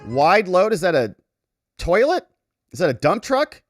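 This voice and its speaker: A man's voice: high voice, moderate pace, over music. A man hosting a casual commentary show, chatting and joking as he reacts to clips. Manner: animated, chatty, jokey asides. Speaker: lawyer commentator, host.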